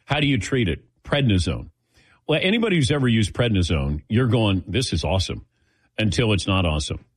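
This middle-aged man hosts a show and answers audience questions with a casual personal story, doing voices for the people he quotes. He speaks fairly quickly in a husky, very animated voice on the low side, recorded in studio quality without echo.

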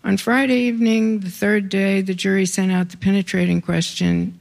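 Gravelly-voiced reader with casual asides. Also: mid-range voice, little pitch movement, moderate pace. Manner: casual asides with fillers between readings. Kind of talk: live reading of memoir stories.

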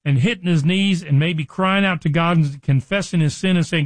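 Higher-voiced man teaching from the Bible. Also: normal speed, few pauses, no room sound. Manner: retells scripture with lively dramatized quotes. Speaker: preacher.

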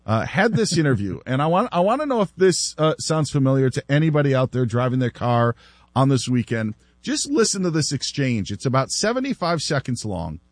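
A man hosting sports talk radio, animated and laughing as he repeats himself. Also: medium pitch, a little fast, no room sound. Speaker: radio host.

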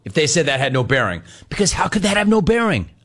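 A man's voice: fairly high pitch, sing-song, quick pace, fairly bright tone. A man hosting a sports radio show, ranting with mocking emphasis and repeating his points. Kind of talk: opinionated sports rant.

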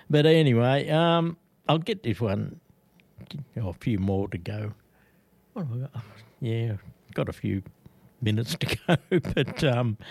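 A man's voice: medium pitch, creaky, darkish tone, dry recording. A man presenting a radio program in a chatty, rambling way. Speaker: radio host.

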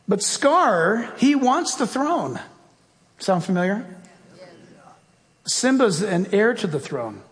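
High-voiced, unhurried preaching man. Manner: emphatic, rising to fervent prayer. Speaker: pastor. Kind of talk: sermon and prayer. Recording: long hall reverb, faint music.

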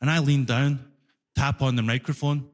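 A Scottish man with a Glasgow accent doing an animated stand-up set, telling a story and acting out the people in it. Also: mid-range voice, moderate pace, faint music behind. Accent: Glaswegian. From Scotland. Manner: animated storytelling, ranting impressions. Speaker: stand-up comedian. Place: large concert hall. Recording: live hall reverb.

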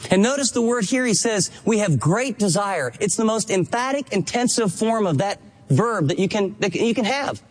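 A man's voice: high-pitched, expressive, moderate pace. A man preaching a sermon as pastor, earnest and emphatic, acting out quoted dialogue.

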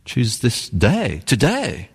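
A man preaching a sermon as pastor, earnest and emphatic, with dramatic pauses and shifts in pace. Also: mid-range voice, huge pitch swings, slightly rough, long reverb tail.

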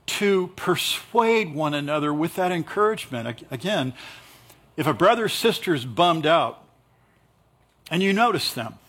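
Husky male pastor preaching conversationally. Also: a little high, a bit bright. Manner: conversational preaching with jokes and acted asides. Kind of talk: sermon.

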